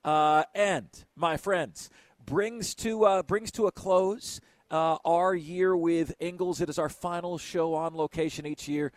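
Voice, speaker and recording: High, lively male radio host. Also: measured pace, dry recording. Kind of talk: lively on-location radio chat.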